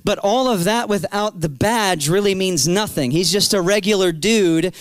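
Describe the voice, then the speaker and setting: A man in his thirties preaching a sermon, telling his story with animated energy and acting out his own past cries. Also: sits high, normal speed, clean tone, dry recording. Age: 30s.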